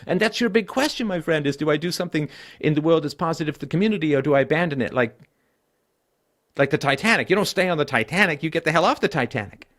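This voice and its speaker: A middle-aged man hosting a call-in show, telling personal stories bluntly and with profanity, dropping low and weary, then rising loud and emphatic. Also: lively intonation, quick pace.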